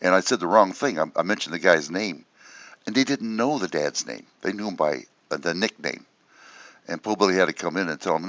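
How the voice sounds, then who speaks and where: Deep-voiced man swapping profane stories. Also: expressive, fairly quick, a bit bright, no room sound. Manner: profane, rambling storyteller. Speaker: veteran storyteller. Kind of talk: casual chat. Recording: dull dry lo-fi sound.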